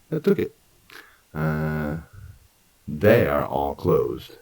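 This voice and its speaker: A man teaching an English grammar lesson, repeating words slowly and breaking sentences into parts. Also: deep voice, big pitch swings, gravelly, darkish tone, husky, low-quality recording. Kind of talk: slow, deliberate grammar lesson.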